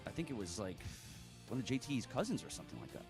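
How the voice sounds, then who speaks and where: A man's voice: on the low side, sing-song, quick pace, vocal fry, music in the background. A man cutting a smug, dismissive trash-talk promo against his opponent. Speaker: competitor.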